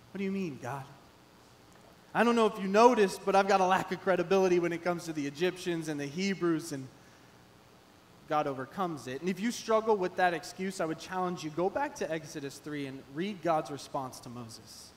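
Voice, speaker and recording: A male pastor with a notably high-pitched voice delivers a sermon in a church. He talks animatedly and slips into the voices he quotes. His quiet asides give way to louder, emphatic lines. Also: animated, normal speed. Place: church sanctuary.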